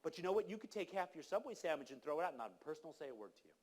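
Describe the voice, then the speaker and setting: Guy preaching at a conference crowd, kinda high voice, punchy and pushy. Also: very animated, rapid-fire, a little mellow. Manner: emphatic, exhorting, acts out quoted people. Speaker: conference speaker. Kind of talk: animated conference talk. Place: conference hall.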